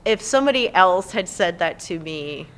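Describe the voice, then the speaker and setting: A woman's voice: fairly low pitch, lively intonation, normal speed, a bit bright. A young adult woman, a podcast guest, chatting casually and animatedly, often slipping into playful voices when she quotes people. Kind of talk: casual chat.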